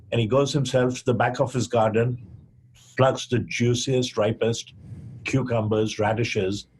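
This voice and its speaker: An older man from India, a physician guest on a podcast, telling a story in a measured way and acting out the quoted dialogue. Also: mid-range voice, a little mellow, slight background noise.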